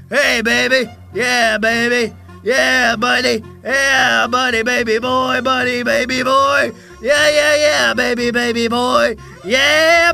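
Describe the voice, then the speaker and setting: An actor voicing a deadpan cartoon superhero man in a comedy sketch, droning a gym teacher impression. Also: extremely high pitch, vocal fry, heavily acted.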